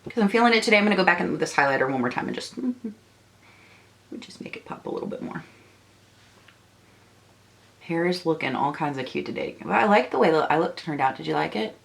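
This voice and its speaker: A woman's voice: low-pitched, lively intonation, racing, gravelly, hardly any pauses. A young woman beauty vlogger chatting while she does her makeup, ranty and indignant, rambling with restarts. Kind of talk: casual chat while doing makeup.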